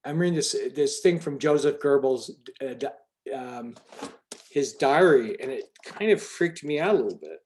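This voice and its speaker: A man's voice: medium pitch, animated, moderate pace, a little mellow, slight background noise. A man leading a group video call, talking in a rambling, emphatic way with many restarts. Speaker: call organizer.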